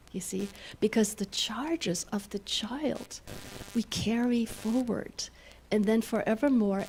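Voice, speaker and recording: A woman minister gives a gentle spiritual talk in a middle-range voice, laughing often as she leads her listeners through slow breaths. A faint hum of room noise sits behind her. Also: medium pitch. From German-speaking Europe. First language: German. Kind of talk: spiritual talk with guided exercises.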